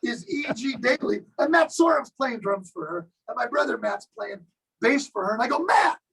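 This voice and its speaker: A man in his sixties tells stories as an interview guest. His voice sits very high and has a husky, gravelly grain. He is lively and acts out the lines of the people in his stories. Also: normal speed, low-quality recording. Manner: animated storyteller who acts out other people's lines. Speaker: guest drummer. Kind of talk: casual storytelling interview.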